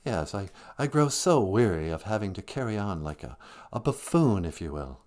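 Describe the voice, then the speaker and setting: A man voicing a male monster who drops the act to speak in a refined, halting, world-weary way. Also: fairly low pitch, big pitch swings, darkish tone, pitched below the performer's own voice.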